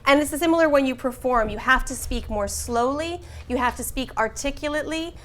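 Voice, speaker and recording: A woman's voice: high-pitched, fairly quick, a bit bright. Articulate woman teaching a class.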